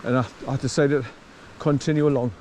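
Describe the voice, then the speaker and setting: Walking a country path outdoors, a middle-aged Geordie vlogger from northeast England chats casually, rambles, and talks to his dog. His medium-pitched, slightly mellow voice is fairly even in intonation and a little fast, with slight background noise.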